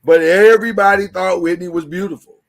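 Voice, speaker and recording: A man's voice: high-pitched, steady tone, a little fast, creaky. A man hosting a casual podcast discussion, talking emphatically and repeating words as he starts his thoughts. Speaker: podcast host.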